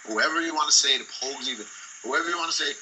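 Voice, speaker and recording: An Irish man talks on a podcast over an iPhone line, as a guest musician in casual chat. His delivery is quick, and he swears freely as he spins his stories. His voice has a strikingly bright, forward tone. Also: a little high, a little hiss or hum, poor audio. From Ireland. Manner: blunt, sweary, animated storyteller. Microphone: iPhone call.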